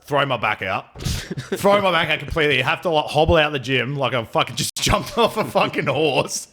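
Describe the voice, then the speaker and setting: Nasal man, bright-edged voice. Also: fairly high pitch, animated, normal speed. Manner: profane, rambling storytelling. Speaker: MMA fighter and guest. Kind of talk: casual podcast chat.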